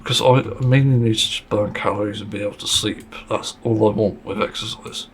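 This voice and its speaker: A man's voice: fairly low pitch, steady tone, a little fast, a little hiss or hum. A man hosting a casual solo podcast monologue, speaking bluntly and frankly, with plenty of swearing and the odd sarcastic aside. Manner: sarcastic at times. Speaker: podcast host.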